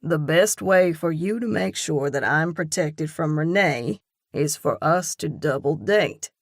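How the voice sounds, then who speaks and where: A woman reading a relaxed man, even wry drawl, low and unhurried, dry close sound. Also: no room sound, heavily acted. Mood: teasing, calm. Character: man, warm easygoing teasing love interest.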